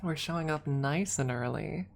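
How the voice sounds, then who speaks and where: A woman streamer in a soft-spoken ASMR style, chatting gently with her viewers, giggling and slipping into whispers, calling them her lovelies. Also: low-pitched, moderate pace, gravelly. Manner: affectionate, calls chat her lovelies.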